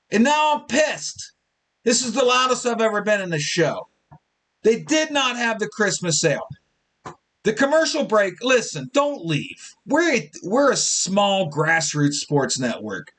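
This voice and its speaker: A man hosting a casual sports talk show, joking and a little tipsy, slipping into fan voices as he rants. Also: high voice. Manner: animated, joking, mimics fans in quotes.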